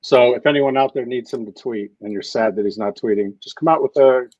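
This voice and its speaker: A man's voice: mid-range voice, brisk, a little mellow, dry recording. A man co-hosting a casual livestream chat, talking in slang and swearing freely. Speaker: co-host. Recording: dull lo-fi dry sound.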